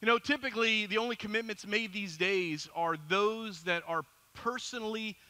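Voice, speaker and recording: A middle-aged man preaching a sermon as pastor, telling a story in an animated, self-deprecating way. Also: high-pitched, normal speed.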